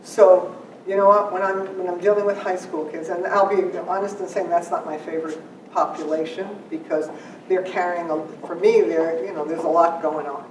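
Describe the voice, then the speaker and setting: An animated, teasing presenter giving an informal workshop talk to parents, telling stories as they go. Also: medium pitch, normal speed. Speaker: workshop presenter on working memory. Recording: echoey room, far mic, background noise.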